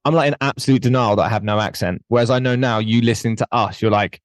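A young man from England co-hosting a podcast in casual chat over a video call, who says he talks really fast. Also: medium pitch, no echo. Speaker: podcast co-host.

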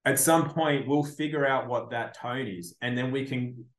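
Podcast host, male, mid-pitched, blunt and profane storyteller, roomy reverb. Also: normal speed. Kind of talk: casual chat.

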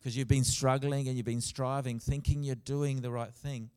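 A man preaching a sermon in a church, earnest, with soft passages and loud emphatic bursts. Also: mid-range voice, flat delivery, normal speed, clear, resonant tone. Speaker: pastor. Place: church hall. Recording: long church reverb.

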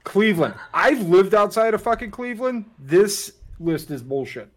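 A man's voice: sits high, big pitch swings, normal speed. A man co-hosting a podcast, mocking a list he reads aloud and swearing. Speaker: podcast co-host. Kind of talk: casual banter.

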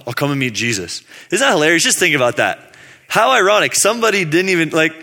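A man's voice: fairly high pitch, pushed and bright. A man preaching a casual sermon in a laid-back, slangy way, acting out the people in his story. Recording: long hall reverb.

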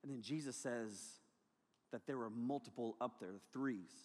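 A male pastor preaching a sermon to a congregation in a large hall, joking and animated, breaking into shouts. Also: mid-range voice, normal speed. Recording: long hall reverb.

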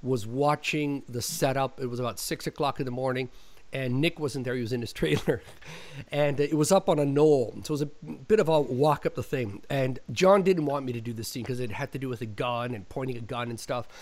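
A man casually telling an animated on-set story, acting out the dialogue. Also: mid-range voice, fairly quick. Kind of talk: casual chat.

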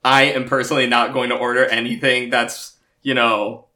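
Bright-voiced young game master. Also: male voice, mid-range voice, level tone, moderate pace. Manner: self-deprecating, rambling. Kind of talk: casual chat and game recap.

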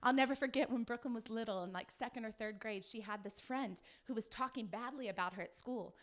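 A woman pastor preaching a sermon, telling stories in a lively way, acting out the people in them and putting questions to her listeners. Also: fairly high pitch, fairly quick. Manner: lively storytelling, acts out quoted people; speaks to the audience directly with questions.

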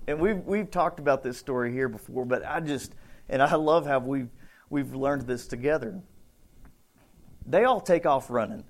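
A man preaching a casual, conversational sermon, acting out bits of the story with shouts and voices. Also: medium pitch, moderate pace, pauses often. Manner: conversational, thinks aloud with restarts. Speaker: pastor.

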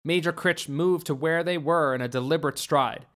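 Man narrating a story, slightly high voice. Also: normal speed, fairly bright tone.

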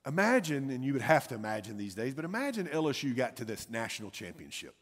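A man preaching a sermon in a church, telling a story dramatically and swinging from loud urgency to hushed intensity. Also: mid-range voice, very animated, quick pace. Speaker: pastor. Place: church sanctuary. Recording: long hall reverb.

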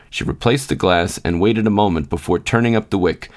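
Man, low voice, storybook narration, steady measured reading. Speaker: podcast story reader. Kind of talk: scripted narration.

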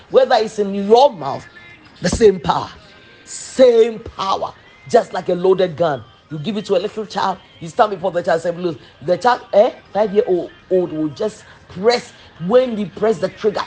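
A man preaching a sermon, slow and emphatic, repeating phrases for weight. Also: high-pitched, darkish tone, poor audio.

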